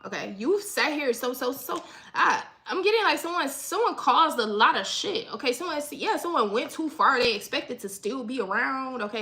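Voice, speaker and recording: A woman's voice: high voice, pushed and bright. A woman giving a casual livestream reading, talking loosely and profanely and ending almost every line with "okay?". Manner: repetitive, keeps asking "okay?", profane. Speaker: livestream tarot reader.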